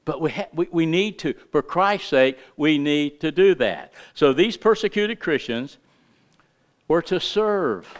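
A man's voice: on the high side, animated, a little slow. A middle-aged man preaching a sermon in a folksy, emphatic way, full of rhetorical questions. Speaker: pastor.

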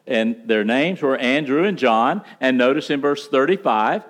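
A man preaching a sermon in a church, stressing key words and slowing down to drive points home. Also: lively intonation. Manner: emphatic, rising pitch on key words, slows for emphasis, folksy asides. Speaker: pastor. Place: church sanctuary.

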